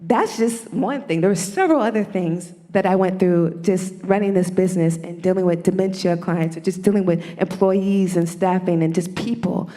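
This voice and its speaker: A woman who is a church elder, giving an animated testimony at a church service and talking directly to the congregation. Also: lowish voice, normal speed, hardly any pauses.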